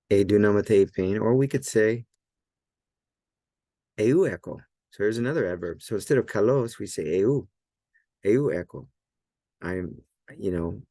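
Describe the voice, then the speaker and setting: A man teaching a language lesson in a relaxed, loose way, often checking in with "right?" and filler words. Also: on the low side, dry recording, clean studio sound. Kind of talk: casual explanatory lesson.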